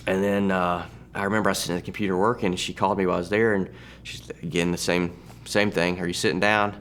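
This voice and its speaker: A man in his thirties sharing a personal testimony in a halting, conversational way, often restarting his sentences. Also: low voice, flat delivery, fairly bright tone, a little hiss or hum. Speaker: church testimony speaker.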